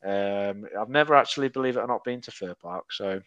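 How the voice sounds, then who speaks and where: A man's voice: on the low side, fairly quick, no echo, dull audio. A Scottish man co-hosting a football podcast, chatting casually and acting out quoted dialogue in his stories. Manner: animated storyteller, acts out quoted dialogue. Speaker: podcast co-host. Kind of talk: casual chat.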